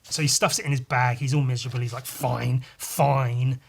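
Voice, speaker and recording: Brief: male podcaster, husky, loose and rambling, medium pitch. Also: steady tone, rapid-fire, a bit bright. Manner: rambling, many fillers and restarts. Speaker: podcast host, comic artist. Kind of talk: casual chat.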